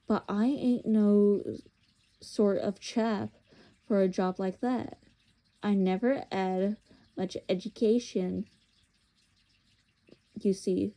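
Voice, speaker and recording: Woman reader doing a humble cockney cabbie, slow, unsure, soft dark voice. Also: medium pitch, steady tone. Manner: hesitant, slow, self-effacing. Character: humble male London cabbie, shy, plainspoken.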